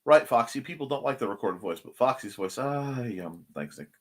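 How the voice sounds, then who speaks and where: A man's voice: medium pitch, expressive, moderate pace. A man hosting a casual live-stream show, reading viewer comments aloud in a playful way. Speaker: host of a creative morning show.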